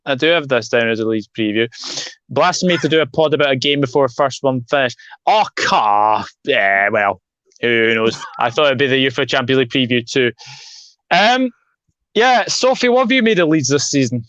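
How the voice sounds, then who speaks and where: Football host on a dull, dry mic. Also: male voice, mid-range voice, animated, normal speed, a bit bright, no echo. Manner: jokey, reads out live comments. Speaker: podcast host. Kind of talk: live football preview chat.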